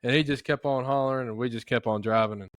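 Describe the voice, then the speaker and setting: A man hosting a podcast, telling a story in a rambling, folksy, animated way. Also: mid-range voice, quick pace, no echo, studio quality. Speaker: podcast host. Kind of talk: casual storytelling chat.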